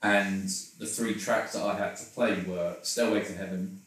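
Man, interview guest, rambling and self-deprecating, somewhat low voice, distant mic in a roomy space. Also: steady tone, moderate pace, a bit bright. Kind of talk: candid personal conversation.

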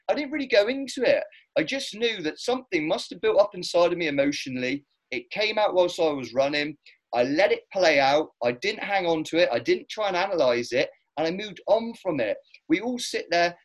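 A middle-aged man, chatting casually as host, blunt and animated, swearing freely as he tells stories. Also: sits high, fairly quick. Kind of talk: casual chat.

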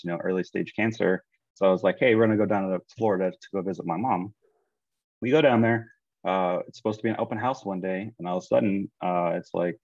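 A man casually telling a long personal story, animated and acting out what others said. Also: lowish voice, dry recording, muffled recording. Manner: animated, quotes people in his own voice.

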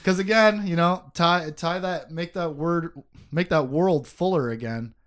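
A man hosting a casual book discussion podcast, animated, laughing often and swearing casually as he reads passages aloud. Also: on the high side, measured pace, soft background music. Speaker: podcast host.

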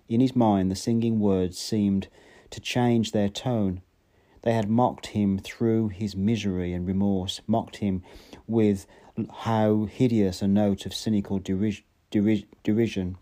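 A man reading a novel aloud at a measured pace, stumbling now and then and correcting himself. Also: lowish voice, warm tone. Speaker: audiobook narrator.

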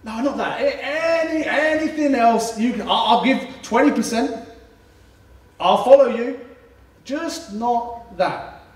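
Guy doing a squeaky panicky rich dude haggling, distant mic. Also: takes it slowly. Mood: dismayed. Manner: flustered, stammering bargaining. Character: dismayed rich man bargaining desperately. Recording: echoey room, distant mic.

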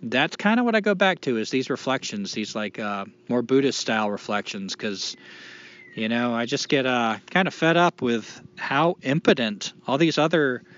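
A man's voice: mid-range voice, lively intonation, moderate pace, a bit bright. Male podcast co-host, rambling self-deprecating delivery with casual swearing, dull lo-fi recording.

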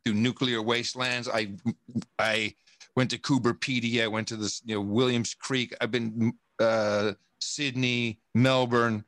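A man's voice: mid-range voice, flat delivery, measured pace, fairly bright tone, no echo, clean studio sound. A man talking in a casual interview, rambling and emphatic, swearing often and restarting his sentences. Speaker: podcast guest. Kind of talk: casual conversation.

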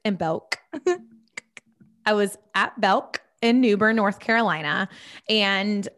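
A woman's voice: medium pitch, a bit bright. A woman co-hosting a casual podcast chat, talkative and playful, stretching out words for emphasis. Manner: chatty, playful, drawn-out emphasis. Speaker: podcast co-host.

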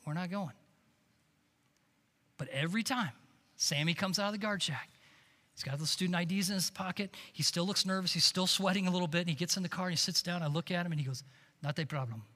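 Male preacher, storytelling sermon, high voice, very bright tone, hushed then loud, long hall reverb. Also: quick pace. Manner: storytelling, swings between hushed lines and loud emphatic peaks. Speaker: camp director and preacher.

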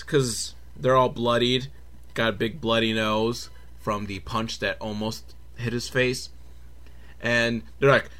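A man's voice: mid-range voice, steady tone, takes it slowly, bright, forceful tone. A man hosting a comedic film recap, talking sarcastically and profanely with laughing asides. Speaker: host.

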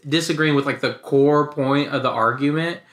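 A man's voice: medium pitch, moderate pace, a bit bright. A young man chatting casually on a podcast, loose and slangy, often mimicking others in a raised voice. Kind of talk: casual chat. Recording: echoey room.

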